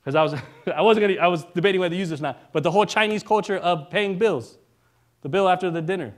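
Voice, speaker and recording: A male minister giving a relaxed, conversational sermon, joking now and then and often checking in with the congregation. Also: high-pitched, quick pace. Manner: casual and joking, keeps asking the congregation "right?".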